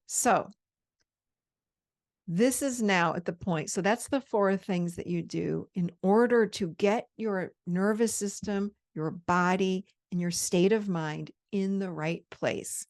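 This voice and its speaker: A woman in her fifties giving a conversational coaching talk on handling triggers, slowing down to model calm self-talk. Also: lowish voice. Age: 50s. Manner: conversational, with quoted inner dialogue. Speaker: host.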